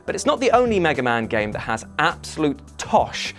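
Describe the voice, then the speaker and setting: A man's voice: on the high side, big pitch swings, a little fast, soft background music. A man hosting a gaming countdown video in a sardonic, jokey scripted style. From Britain.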